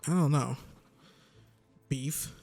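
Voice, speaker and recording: A gaming YouTuber in his twenties rambles, jokes, and talks to himself while commentating a video game. His medium-pitched voice is gravelly and darkish, and he speaks extremely slowly.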